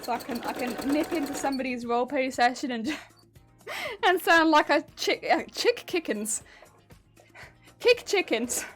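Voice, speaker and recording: A woman's voice: sits high, expressive, unhurried, pauses often, soft background music. A woman streamer chatting casually with viewers while she does machine embroidery, laughing often and poking fun at her own grating voice. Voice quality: grating, honking voice.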